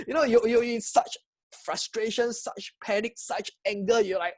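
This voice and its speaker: Singaporean guy vlogging a travel mishap, excitable and chatty, keeps asking the viewers stuff. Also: high-pitched, moderate pace. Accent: Singaporean English. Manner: excitable, chatty, asks viewers questions, frequent laughs and restarts. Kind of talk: animated personal storytelling to camera.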